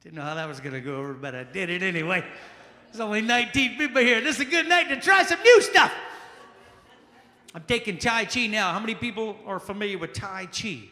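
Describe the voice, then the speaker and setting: A man from Charleston doing a loud, punchy stand-up set and working the crowd in a small jazz club. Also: high-pitched, brisk. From Charleston, South Carolina. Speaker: stand-up comedian. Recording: echoey club room with long reverb.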